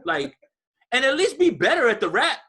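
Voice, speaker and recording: A man with a high, forceful voice rants through a casual podcast chat. He swears freely and keeps the energy up. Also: moderate pace. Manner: animated, profane, ranting. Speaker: podcast co-host.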